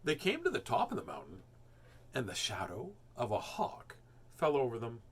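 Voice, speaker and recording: A man reading a children's storybook aloud as host, expressive and animated. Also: medium pitch, normal speed, slight background noise. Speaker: children's book reader, host.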